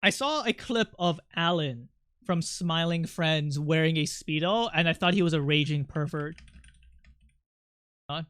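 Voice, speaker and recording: A man's voice: fairly high pitch, unhurried, fairly bright tone, smooth, no room sound, clean studio sound. A man chatting casually on a livestream, rambling with lots of fillers and restarts. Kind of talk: casual stream chat.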